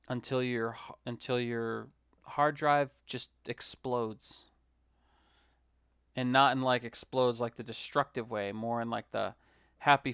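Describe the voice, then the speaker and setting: A man's voice: mid-range voice, creaky, a bit bright, dry recording, clean studio sound. A man casually commenting while building on a live stream, joking and rambling with self-mocking asides.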